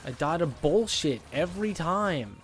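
A man's voice: a little high, expressive, measured pace, soft background music. A man streaming a platform game live, ranting and swearing in frustration, his voice jumping up in disbelief. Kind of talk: live gameplay commentary.

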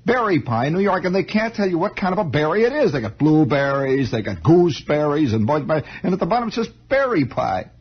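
Talking quickly with hardly any pauses, a male radio host with a slightly high, slightly rough voice tells a digressive monologue story. The 1960s broadcast sounds muffled, and he keeps interrupting himself with stammered restarts, full of animation.

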